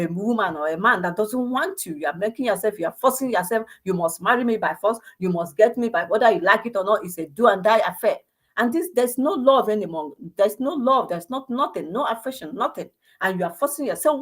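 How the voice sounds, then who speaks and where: A woman with a Nigerian accent giving an impassioned monologue, firing off rhetorical questions and restarting her sentences. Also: mid-range voice. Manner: rhetorical questions, many restarts, switches into Igbo. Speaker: commentator on a personal channel.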